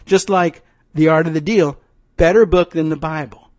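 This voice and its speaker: A man's voice: a little high, normal speed, a little mellow, no echo, natural voice. A man doing an impression of a boastful, self-aggrandizing male president who rambles as he brags. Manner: bragging, rambling.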